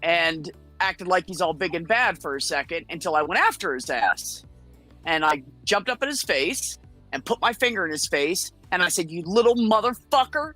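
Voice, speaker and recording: Brash, foul-mouthed woman telling a story. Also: low-pitched. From United States. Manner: blunt, profane, animated storytelling. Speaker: guest. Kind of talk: casual storytelling on a chat show.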